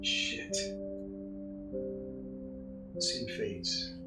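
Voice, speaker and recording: Unhurried male game master, far from the mic, background music. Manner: slow, halting narration with pauses. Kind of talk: narrating a tabletop game. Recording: echoey room, mic at a distance, music behind.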